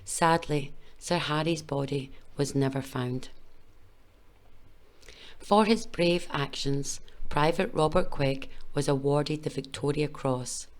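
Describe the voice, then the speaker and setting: Low-voiced woman narrating a history. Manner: measured, solemn reading. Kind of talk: scripted documentary narration.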